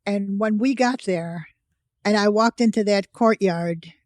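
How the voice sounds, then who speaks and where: Woman in her eighties, from the US, podcast guest with a lively storytelling manner, dry close recording. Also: mid-range voice, measured pace, dry recording. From United States. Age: 80s. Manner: vivid storyteller who acts out quoted voices. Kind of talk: personal storytelling.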